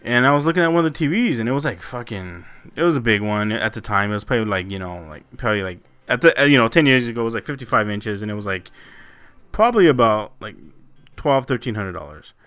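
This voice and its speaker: A man's voice: medium pitch, animated, quick pace, a bit bright, smooth, dry recording. A man co-hosting a podcast, telling stories in casual, profane banter and laughing often. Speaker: podcast co-host.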